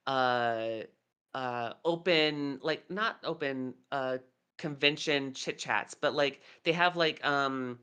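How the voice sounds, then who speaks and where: Woman in her thirties, podcast co-host, rambling anecdotes, bright smooth tone. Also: rumbling low, takes it slowly. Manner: rambling storyteller, many fillers. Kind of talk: casual chat.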